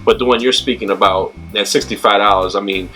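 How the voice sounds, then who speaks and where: A man's voice: on the low side, fairly even intonation, fast talker, sharp tone, rough recording. A man hosting a casual travel chat, talking loosely with many fillers and restarts. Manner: chatty, filler-heavy, restarts often. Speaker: host.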